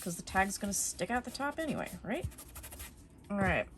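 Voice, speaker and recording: A woman's voice: medium pitch, moderate pace, a little hiss or hum. Chatty woman teaching a paper craft. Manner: chatty, relaxed, with frequent ums and self-corrections. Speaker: craft tutorial host. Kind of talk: casual step-by-step craft tutorial. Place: craft desk at home.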